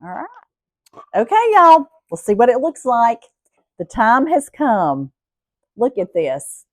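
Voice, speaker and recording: A woman's voice: a little high, big pitch swings, measured pace, no echo, studio quality. A middle-aged woman with a Southern US accent hosts a casual cooking vlog, chatting to viewers in a homey way. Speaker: cooking show host.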